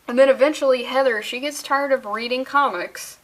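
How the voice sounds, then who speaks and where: A woman with a fairly high voice reads through a comic, stopping to mock it. Her manner is sarcastic and loose, with plenty of swearing as she riffs on each page. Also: brisk, hardly any pauses. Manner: sarcastic, profane, riffing. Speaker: comic reviewer. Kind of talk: comedic comic-book reading.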